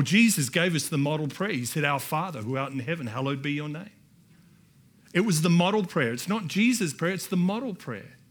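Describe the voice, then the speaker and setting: An Australian-accented pastor preaches in a church hall, building to emphatic repeated lines and calling out to the congregation. His voice is a little high and a bit bright.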